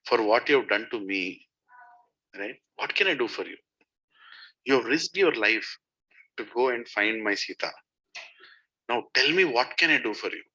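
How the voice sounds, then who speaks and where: A man voicing a humble, tender god-king in a devotional story, speaking gently and pleadingly. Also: medium pitch, expressive, moderate pace, long pauses. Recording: dull lo-fi recording.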